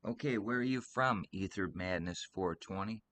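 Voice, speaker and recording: A man's voice: on the low side, normal speed, a bit bright, a little hiss or hum. A man from Michigan hosting a casual livestream chat, rambling earnestly and teasing his co-host. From Michigan, USA.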